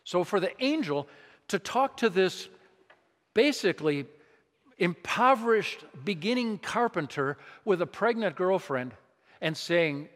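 A man's voice: sits high, animated, measured pace, a bit bright. A man preaching a sermon in a conversational, emphatic way, asking his congregation rhetorical questions. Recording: long reverb of a large hall.

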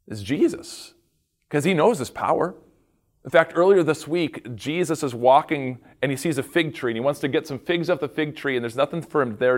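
A man preaching a sermon, telling a Bible story with lively emphasis and dropping to quiet, earnest asides. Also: on the high side. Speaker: pastor.

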